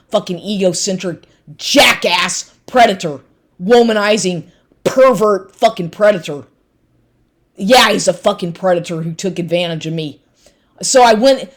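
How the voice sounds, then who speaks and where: A woman in an angry personal rant, bitter and accusatory, swearing constantly. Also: mid-range voice. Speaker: vlogger.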